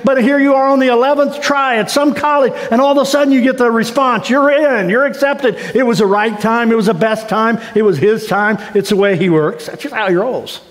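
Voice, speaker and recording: High-voiced pastor preaching in a reverberant church. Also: male voice, a little fast, few pauses. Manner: folksy, animated storytelling with playful asides. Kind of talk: sermon. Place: church sanctuary. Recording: long church hall reverb.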